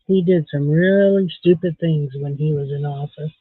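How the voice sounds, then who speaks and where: A man's voice: a little high, moderate pace, breathy edge, dry recording. A man from Canada chatting casually on a livestream while beading, giving blunt, candid opinions. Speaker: livestream host. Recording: tinny phone-like dry sound.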